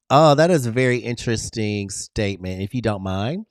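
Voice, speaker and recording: A man's voice: brisk, hardly any pauses, a crowd in the background, background noise. Emphatic man hosting a motivational livestream. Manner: emphatic, repetitive affirmations with big pitch swings; greets chat viewers by name. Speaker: livestream host. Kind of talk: motivational live-stream talk.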